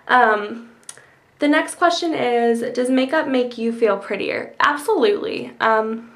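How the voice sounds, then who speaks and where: Young woman vlogging, kinda high voice, chatty with lots of ums and likes, has hiccups. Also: a bit bright. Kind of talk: casual answers to a tag video.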